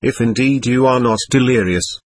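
A man voicing a stern older court president in a formal, reproving tone, with a husky voice. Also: medium pitch, normal speed, close to an everyday voice.

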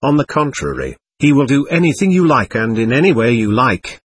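Man playing a gentle young man, storybook, earnest, sorrowful, soft, husky. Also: medium pitch, lively intonation, fairly quick.

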